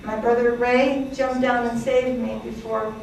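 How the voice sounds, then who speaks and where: A woman's voice: a little high, flat delivery, a little slow, creaky, noisy background. A woman in her sixties, born in Greece, giving a chatty talk to an audience, with many fillers and laughs. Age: 60s. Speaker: presenter. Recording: echoey hall from far off.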